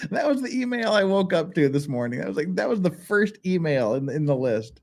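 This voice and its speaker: A channel host runs a casual livestream chat, reading viewer messages with frequent laughs, restarts and a rambling manner. His voice is a little high, with big pitch swings, and he talks fairly quickly.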